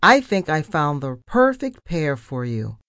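A woman voicing a bubbly, blunt young female mouse assistant with a squeaky voice. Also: very animated, a little slow, fairly bright tone, dry recording, clean studio sound, full character voice.

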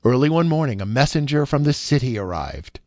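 Expressive man reading a storybook. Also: mid-range voice, a little fast, no echo, clean studio sound.

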